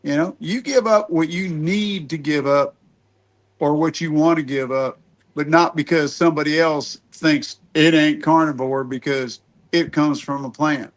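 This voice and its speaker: Folksy middle-aged man hosting a podcast, higher pitched. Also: a little slow. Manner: rambling, folksy, restarts sentences. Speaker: podcast host. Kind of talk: casual podcast chat.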